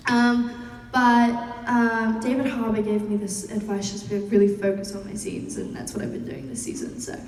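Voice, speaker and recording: Brief: young woman on a panel, slightly high voice, distant in a big echoey hall, noisy. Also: steady tone, moderate pace. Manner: chatty, laughing, storytelling. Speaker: actor answering fan questions at a panel. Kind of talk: casual chat. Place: large convention hall. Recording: echoey hall, heard from afar.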